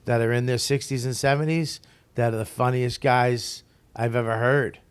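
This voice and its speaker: A man's voice: mid-range voice, moderate pace, clean tone. A man telling stories as a comic guest in a casual interview, swearing freely and acting out what others said. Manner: profane, animated storyteller who acts out quotes.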